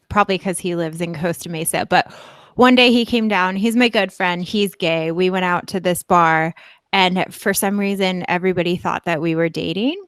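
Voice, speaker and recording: A woman's voice: on the low side, fairly bright tone, smooth, no room sound. A woman co-hosting a podcast, telling a funny story in a chatty, laughing way. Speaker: podcast co-host. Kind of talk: casual comedic chat.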